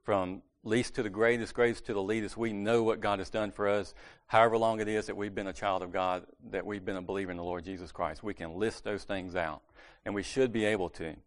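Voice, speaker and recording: A man's voice: on the low side, steady tone, fairly quick. A man giving a casual, conversational sermon at a church meeting, correcting himself and joking lightly as he goes.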